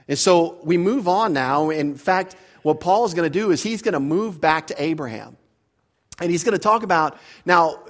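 Earnest male pastor in a echoing hall. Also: a little high. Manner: earnest and emphatic, animated when explaining. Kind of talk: verse-by-verse sermon teaching. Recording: long reverb of a hall.

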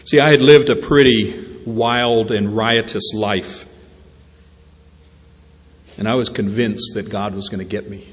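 A male pastor with a lowish voice preaches in church, alternating slow, quiet emphasis with bursts of animated storytelling in which he acts out voices. Long hall reverb colors the recording.

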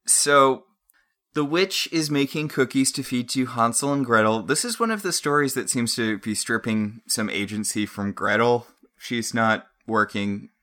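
A co-host of a casual recap chat, speaking in a bright, crisp tone. The talk rambles and drifts off on side tangents. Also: medium pitch, unhurried. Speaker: podcast co-host.

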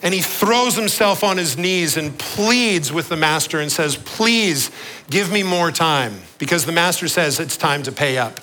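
A male pastor preaching a sermon, earnest, slowing down and dropping his voice low on the key words. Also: pushed and bright, rough recording.

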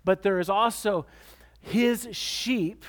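Guy preaching a sermon, pretty high voice, emphatic, repeats himself when he gets going. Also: slow. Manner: emphatic preaching with repeated words and sudden pitch swings. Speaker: pastor.

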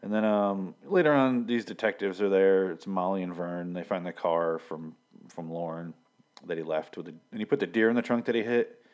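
A man's voice: low-pitched, moderate pace, darkish tone. A young man from Michigan casually recapping a TV episode, rambling with lots of fillers and swearing as he quotes scenes. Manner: rambling, profane, many fillers, quoting scenes. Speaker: TV episode reviewer.

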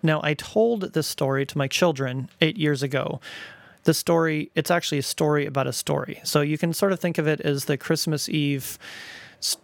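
A middle-aged man reading his own family stories aloud in a wry, gently playful way, recorded close to the mic. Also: a little high, normal speed, gravelly, no room sound. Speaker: storyteller, father.

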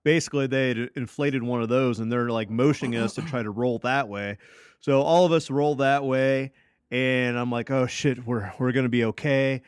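A man's voice: mid-range voice, moderate pace, clean tone, dry recording, clean studio sound. A man casually telling a long story on a podcast, swearing freely and filling gaps with "uh" and "like". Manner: loose and profane, full of fillers and restarts. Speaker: podcast co-host.

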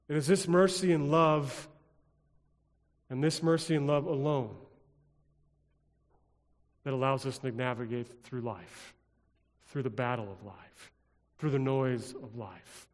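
Man preaching in a reverberant hall. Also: medium pitch. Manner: rhythmic, repetitive preaching with dramatic drops to a hush. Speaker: pastor. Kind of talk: sermon.

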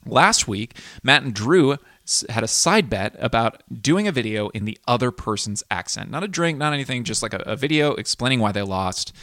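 A man's voice: fairly low pitch, pushed and bright, no echo, clean studio sound. A man hosting a fantasy football league podcast, recapping in a chatty, rambling way with lots of ums and restarts. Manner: chatty and rambling, with frequent ums and self-corrections. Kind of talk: casual solo podcast recap.

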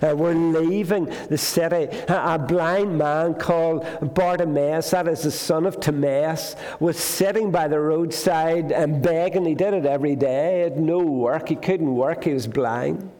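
A man's voice: fairly high pitch, a little slow, hardly any pauses, warm tone. A male preacher giving a conversational sermon, retelling a gospel story and putting questions to the congregation. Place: church. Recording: long hall reverb.

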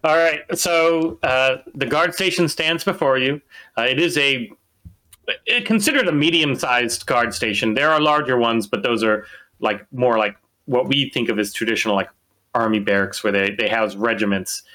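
Man, game master, halting delivery, restarts, forceful bright voice. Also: medium pitch. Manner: halting, many fillers and restarts. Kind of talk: narrating a tabletop game.

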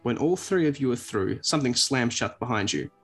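A man reading an adventure storybook aloud with a lively delivery. His voice sits at an ordinary middle pitch for a man. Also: a little fast, slightly rough, faint music behind. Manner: lively read-aloud, breaks off to laugh.

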